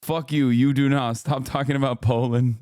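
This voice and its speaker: A man's voice: medium pitch, steady tone, moderate pace, darkish tone, clear, resonant tone, no echo, clean studio sound. A man hosting a casual livestream, talking back to his chat in a profane, ranting way and laughing often. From lives in California. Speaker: livestream host.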